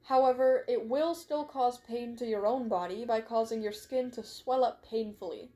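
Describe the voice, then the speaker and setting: A woman's voice: a little high, normal speed, dark tone, natural voice. A woman reading the lines of a bookish male wolf who knows plants, in a matter-of-fact way, close to her own voice. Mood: lecturing.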